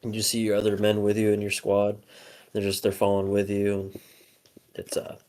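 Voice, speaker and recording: A man's voice: on the low side, completely flat delivery, normal speed, a little mellow. A young man co-hosting a podcast, chatting casually, rambling with lots of fillers and frequent swearing. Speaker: podcast co-host.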